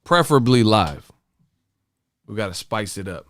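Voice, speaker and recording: A man's voice: lowish voice, very animated, a little slow, fairly bright tone, dry recording. A man hosting a casual boxing livestream, ranting profanely and firing off rhetorical questions. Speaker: boxing YouTuber host.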